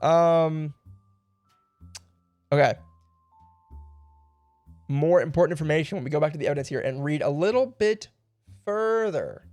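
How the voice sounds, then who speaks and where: Young male streamer, thinking out loud, rambling, dry close mic, faint music behind. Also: a little high, expressive, no echo. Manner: thinking aloud, rambling, quick laughs. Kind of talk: casual puzzle game livestream.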